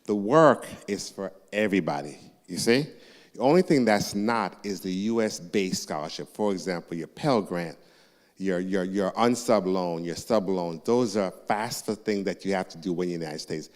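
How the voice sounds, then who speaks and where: Low-voiced man answering questions in an echoey church hall. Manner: lively, joking, quick to tease the audience. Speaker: university representative answering questions. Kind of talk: live Q&A in a church.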